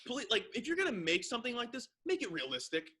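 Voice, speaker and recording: A man's voice: very high-pitched, quick pace, slightly rough. A young man, a podcast co-host, chatting casually and acting out the people in a story he tells. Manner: animated storyteller, mimics people in skits.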